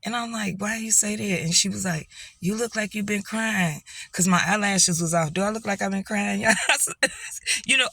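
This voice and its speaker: A woman's voice: medium pitch, moderate pace, gravelly, pushed and bright, dry recording. A middle-aged woman telling a rambling story to her viewers, laughing often and encouraging them. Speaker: vlogger. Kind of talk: casual storytelling monologue.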